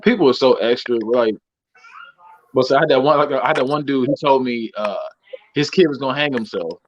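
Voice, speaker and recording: A man's voice: mid-range voice, fairly quick. A man co-hosting a podcast, telling work stories in a loose, profane way and laughing often. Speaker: podcast co-host. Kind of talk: casual storytelling chat. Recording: dull lo-fi audio.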